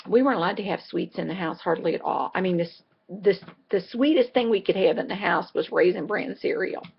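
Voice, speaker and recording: A woman's voice: fairly low pitch, a little fast, gravelly, husky, lo-fi sound. A middle-aged woman vlogging in a casual, rambling way, telling a chatty story full of asides. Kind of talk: casual chat.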